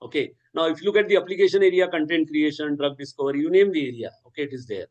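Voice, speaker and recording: A lecturer speaks in a slightly higher-than-usual man's voice. He leans on key words, restarts phrases and drops "okay" after nearly every point. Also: very fast, darkish tone, highs cut off. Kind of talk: lecture on generative AI.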